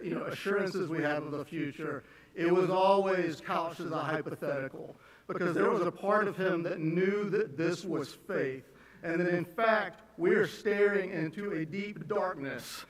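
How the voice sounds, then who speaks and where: A man speaking as a son giving a eulogy at a memorial. He is emotional and halting, restarting often between fillers. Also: on the high side. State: emotional, on the edge of tears. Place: large church sanctuary. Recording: echoey church from a distance.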